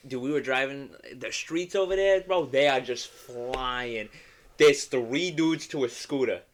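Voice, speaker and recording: A man's voice: mid-range voice, a little slow, a little hiss or hum. Young man swapping crude stories. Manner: loose storytelling, swearing, laughing often. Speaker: podcast co-host. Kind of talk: casual chat.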